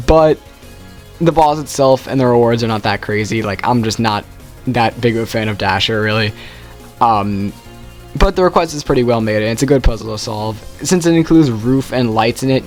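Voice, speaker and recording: A young man casually ranking video game quests, rambling and correcting himself often. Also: medium pitch. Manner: rambling, self-correcting, with frequent "like". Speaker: gaming youtuber.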